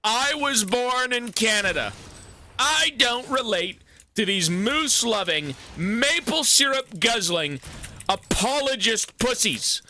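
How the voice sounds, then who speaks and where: A man voicing a loud, proud, brash American with shouted, boastful, over-the-top patriotic delivery. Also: very high voice, animated, slow pace, pitched above the performer's own voice, full character voice. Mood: boastful shouting.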